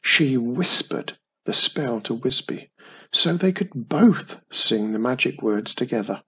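A man reading a children's storybook aloud in a slow, expressive way. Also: mid-range voice, slightly rough. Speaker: storybook narrator.

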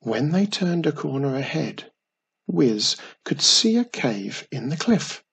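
A man narrating a children's story in a gentle, expressive way. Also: on the high side, takes it slowly, creaky, slightly rough.

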